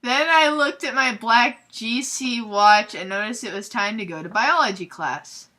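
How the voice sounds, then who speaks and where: A woman's voice: a little high, a little slow. Giggly, sarcastic young woman reading aloud. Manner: sarcastic, giggly, deadpan asides. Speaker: host reading fanfiction aloud. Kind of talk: comedic readthrough with commentary.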